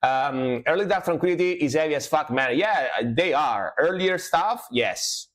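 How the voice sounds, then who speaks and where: A man's voice: fairly high pitch, expressive, a little slow, a bit bright. A man streaming music reactions in easygoing casual chat, repeating himself and leaning on "you know". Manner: laid-back, loose, repeats words and adds "you know".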